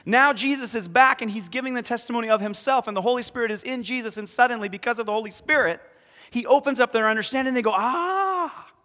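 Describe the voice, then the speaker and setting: A man preaching as pastor in a church, lively, acting out scripture scenes with sudden shouts. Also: extremely high pitch, fast. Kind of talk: sermon. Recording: long reverb of a hall.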